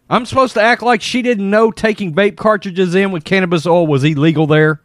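A man's voice: high voice, steady tone, fairly quick, few pauses, no room sound, studio quality. A middle-aged man hosting his own sports show, ranting bluntly and with irritation in an opinionated monologue. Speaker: sports commentary host.

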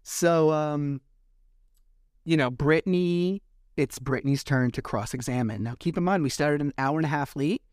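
A man hosts a podcast and retells a story with animated sarcasm and casual swearing. His voice sits a little high. The sound is dry and close to the mic. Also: normal speed, no echo. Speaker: podcast host.

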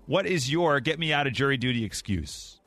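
A man's voice: medium pitch, lively intonation, fairly quick, a bit bright, faint music behind. A man hosting a morning radio show from a studio. He talks playfully and laughs a lot. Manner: playful, laughs often, acts out quotes. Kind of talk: lively radio banter. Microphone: studio microphone.

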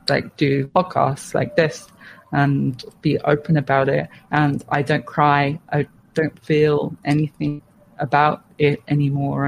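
Woman on a podcast talking straight about her past, gravelly voice, pretty flat delivery, faint hum behind. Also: deep voice, low-quality recording. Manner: frank and steady, with plain swearing and restarts. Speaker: podcast guest. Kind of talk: candid personal storytelling.

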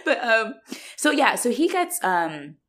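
A young woman, a podcast co-host, recaps a movie in a relaxed, unhurried way with a voice a little high. She's animated and profane, cursing freely and laughing often.

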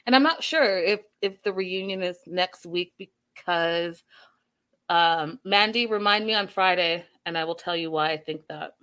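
Her voice is fairly low, smooth and a little slow. Casually going over a reality show episode, she reads comments from viewers and acts out the cast's quotes with lively, sassy asides.

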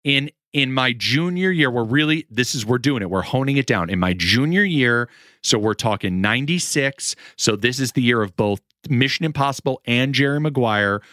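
A man's voice: mid-range voice, normal speed, no room sound, clean studio sound. A man in his forties, a guest and actor, chatting casually and telling rambling stories while acting out the voices of people he quotes. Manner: rambling animated storytelling, acts out quoted voices. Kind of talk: casual chat.

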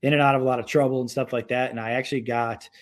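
A man's voice: mid-range voice, level tone, rapid-fire. A man from New York who has worked in the fishing industry, talking in a casual podcast chat and rambling with many filler words.

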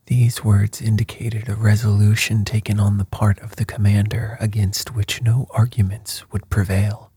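Male audiobook narrator, formal and measured, low and husky, dry booth sound. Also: little pitch movement, warm tone, no echo. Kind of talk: scripted first-person narration.

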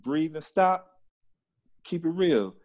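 A middle-aged man co-hosting a podcast, animated and laughing, saying yes often. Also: a little high, takes it slowly. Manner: animated, laughing storyteller with many affirmations. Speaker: podcast co-host. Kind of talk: casual chat.

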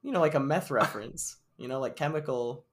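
A man co-hosting a podcast, chatting about an episode in an animated, excitable way and laughing easily. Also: medium pitch, a little fast. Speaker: podcast co-host. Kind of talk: casual recap chat.

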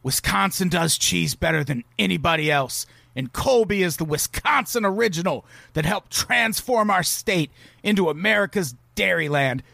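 A man's voice: sits high, expressive, normal speed, gravelly, pushed and bright, no echo, clean studio sound. A man co-hosting a casual comedy podcast, sarcastic and swearing freely as he riffs on the news. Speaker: podcast co-host.

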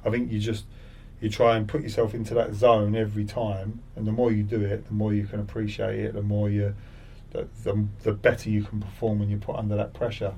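A man's voice: lowish voice, monotone, a little fast, a little mellow, recorded from a distance, a little hiss or hum. A middle-aged man, a former footballer, telling stories in a casual interview and acting out crowd taunts with a rising voice. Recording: voice set back from the mic.

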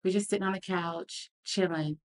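Woman guest, deep voice for her sex, earnest reflective storyteller. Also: fairly even intonation, moderate pace. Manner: earnest, reflective, acts out quoted lines. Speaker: podcast guest. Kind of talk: candid personal storytelling.

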